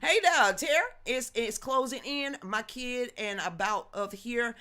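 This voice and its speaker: A woman's voice: fairly high pitch, measured pace, pushed and bright, smooth. A woman in her fifties hosting a news commentary livestream, reading chat and ranting emphatically in a rambling way.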